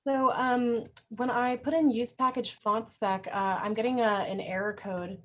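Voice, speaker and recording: A woman's voice: on the high side, steady tone, a little hiss or hum. Hesitant woman asking a question on a call. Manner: hesitant, halting. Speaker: workshop participant.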